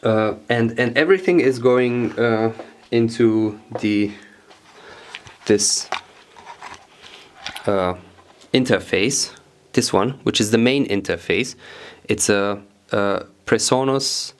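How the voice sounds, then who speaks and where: A man whose first language is German, casually showing his home studio gear, halting with many fillers and repeats as he searches for English words. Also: mid-range voice.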